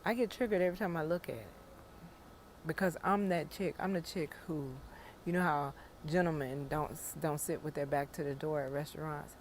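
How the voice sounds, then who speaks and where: A woman's voice: low voice, steady tone, moderate pace, darkish tone, a little hiss or hum. A middle-aged woman chatting casually about her garden, frank and joking, with salty language, talking outdoors in a home garden. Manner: frank, joking, profane storytelling. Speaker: gardening vlogger. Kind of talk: casual chat.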